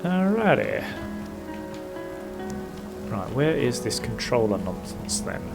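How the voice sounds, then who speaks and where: A man talks through his gameplay as a streamer, chatty and self-mocking, filling gaps with ums and little hums. His voice sits at an everyday middle pitch. Soft game music plays faintly underneath. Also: lively intonation, moderate pace. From United Kingdom. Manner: chatty and self-mocking, frequent fillers and playful humming. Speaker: gaming streamer. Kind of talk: casual gameplay commentary.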